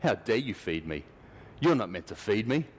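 A man's voice: fairly low pitch, sing-song, normal speed, breathy edge, big-room sound. A man voicing a pestering hungry male neighbour's dog that begs for food in a whiny voice. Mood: indignant. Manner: whiny begging, then indignant scolding.

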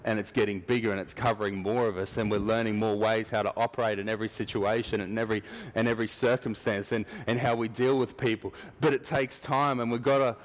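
A man's voice: fairly low pitch, steady tone, fast talker, hardly any pauses. A man preaching a sermon in church, talking conversationally and acting out little scenes.

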